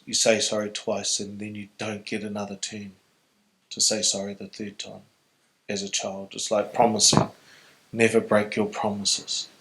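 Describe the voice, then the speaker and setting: A man's voice: fairly low pitch, a bit bright, rough recording. Earnest New Zealand man telling his story. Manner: earnest, reflective, emotionally open. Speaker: guest speaker. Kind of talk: live stage Q&A storytelling. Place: on stage before an audience.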